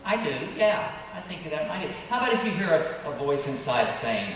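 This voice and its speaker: A priest gives a children's sermon in a church. He talks with a lively, rising and falling pitch. He puts gentle questions to the children and waits for their replies, and his voice carries a long, echoing reverb from a distant mic. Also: moderate pace. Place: church sanctuary. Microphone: distant room mic. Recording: echoey church hall, distant mic, background noise.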